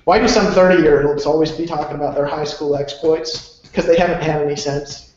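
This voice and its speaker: A man's voice: on the high side, steady tone, brisk, a little mellow, slight background noise. A man giving a rambling, emphatic motivational talk with casual cursing. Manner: emphatic, rambling, salty language. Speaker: motivational speaker. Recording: very echoey, dull lo-fi room sound.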